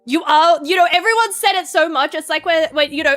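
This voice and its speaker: A woman's voice: sits high, normal speed, few pauses, fairly bright tone, faint music behind. A woman chatting casually on a livestream, rambling, swearing freely and laughing often. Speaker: VTuber streamer.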